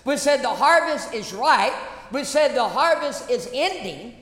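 A woman's voice: high voice, expressive, a little slow, a bit bright. A woman pastor preaching a sermon, emphatic, repeating phrases and calling out questions to the congregation. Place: church sanctuary. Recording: echoey church hall reverb.

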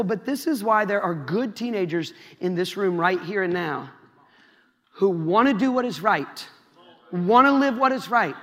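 A man's voice: high-pitched, fairly bright tone. A young man from Iowa preaching a sermon to a youth crowd in a large church hall, telling stories and addressing the audience directly. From Iowa, USA. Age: young adult. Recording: long hall reverb.

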